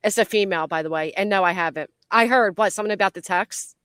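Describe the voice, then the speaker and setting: A woman's voice: mid-range voice, fast talker, fairly bright tone, smooth, dry recording. Blunt, profane woman streamer, dry sound. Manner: blunt and profane, reads chat aloud. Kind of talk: casual chat.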